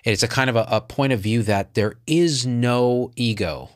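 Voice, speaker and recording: A man, a guest in a casual interview, talking in an animated, reflective and joking way. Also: medium pitch, normal speed, no echo, studio quality. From United States.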